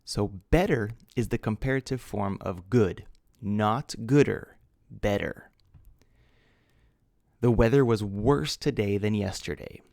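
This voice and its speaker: A man's voice: lowish voice, normal speed, gravelly, hardly any pauses, a little mellow, dry recording, studio quality. A man teaching English grammar, patiently spelling out words letter by letter. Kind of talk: slow grammar lesson.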